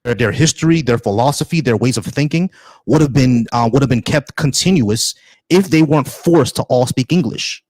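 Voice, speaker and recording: A man's voice: mid-range voice, animated, a little mellow, dry recording, studio quality. Blunt man hosting a call-in debate. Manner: blunt, repeats himself, halting restarts. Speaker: debate stream host.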